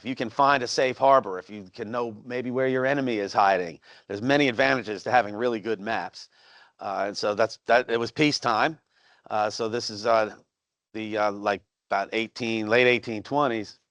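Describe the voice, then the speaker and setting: A man's voice: medium pitch, fairly bright tone, no room sound. Casual male host, history explainer, meandering delivery, dry recording. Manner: rambling, with fillers and restarts. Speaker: educational video host. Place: historic house, on location.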